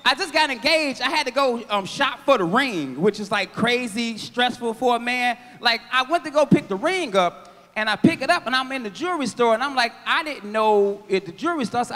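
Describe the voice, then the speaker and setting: High-voiced, bright stand-up comedian. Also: male voice, a little fast. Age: 30s. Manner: loud, animated, shouting punchlines. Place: large theater stage. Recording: long theater reverb.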